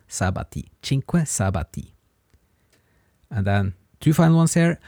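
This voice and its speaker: A man teaching a language lesson on a podcast, patient and encouraging, pausing for the listener to practise. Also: medium pitch, dark tone, no room sound, clean studio sound.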